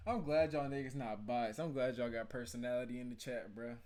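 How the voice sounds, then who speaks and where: A man hosting a livestream, casually joking and trash-talking with his chat in loud slang banter. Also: medium pitch, steady tone, normal speed. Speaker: livestream reaction host.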